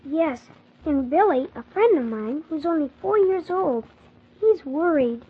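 A woman's voice: high voice, animated, measured pace. A woman voicing a polite, earnest young orphan boy who narrates his own story. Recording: dull lo-fi old recording.

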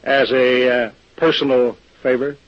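An actor playing a folksy small-town businessman who talks in a slow, hesitant drawl in a vintage radio drama. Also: mid-range voice, steady tone, lightly acted. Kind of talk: 1940s radio acting. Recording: dull old radio recording.

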